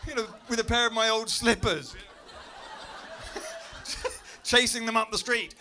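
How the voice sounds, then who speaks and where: A man from Britain doing stand-up comedy in a club, telling stories with loud incredulous outbursts. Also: very high-pitched, unhurried, a little hiss or hum. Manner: animated storytelling, bursts into loud incredulous outbursts. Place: comedy club stage before a live audience.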